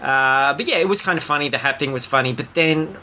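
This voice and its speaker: A man with an Australian accent, co-hosting a casual podcast chat, ranting and swearing with quick asides. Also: fairly high pitch, bright, forceful tone, a little hiss or hum. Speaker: podcast co-host.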